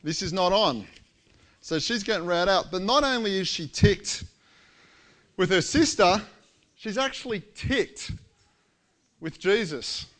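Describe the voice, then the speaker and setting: A man preaching a sermon, telling a story with lively, acted-out quotes. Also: high-pitched, unhurried, pauses often. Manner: animated storytelling, acts out quoted lines.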